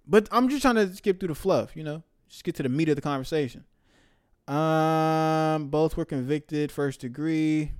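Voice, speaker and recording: A young man riffs on a news story in casual, profane commentary. His voice sits a little high and sounds smooth and clear. He swings between loud, excited outbursts and low, mumbled asides. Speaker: commentator reading a news article.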